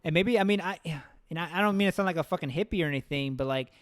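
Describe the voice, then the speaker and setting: A podcast host in loose conversation, this man keeps his stories rolling with a steady stream of profanity and restarts. His voice sits a touch higher than most men's. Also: rapid-fire. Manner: rambling, profane storytelling. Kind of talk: casual chat.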